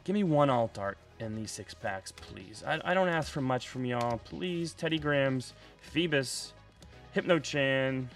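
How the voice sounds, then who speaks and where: A young man chatting casually while opening trading card packs, excitable and prone to loud outbursts. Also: mid-range voice, unhurried, faint music behind. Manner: excitable, bursts into shouting and laughter over pulls. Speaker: card unboxing host.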